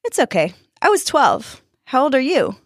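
Lady doing a friendly little ghost boy, high and chirpy, dry close sound. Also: sing-song, normal speed, dry recording. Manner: cheerful, friendly. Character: friendly ghost boy, twelve, glowing head.

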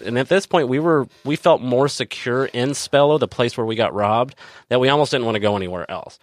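A man's voice: mid-range voice, a little fast, no echo. A man telling a long personal story as a guest, casually, with many fillers and restarts.

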